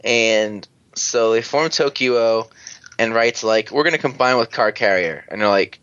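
A man's voice: fairly low pitch, a little slow, a bit bright, smooth, no room sound, highs cut off. Casual man recapping an episode, rambling. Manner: rambling, acts out characters' lines, swears freely. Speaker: podcast co-host.

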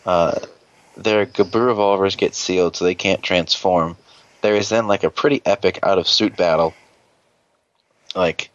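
Low-voiced man rambling through a profane recap. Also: moderate pace, highs cut off. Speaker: podcast host. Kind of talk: casual episode recap.

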